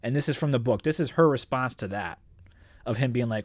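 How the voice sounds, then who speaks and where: A man's voice: mid-range voice, a little fast, no echo, studio quality. A man co-hosting a casual book podcast, reading passages aloud and retelling characters' lines with animation. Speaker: podcast co-host discussing a book.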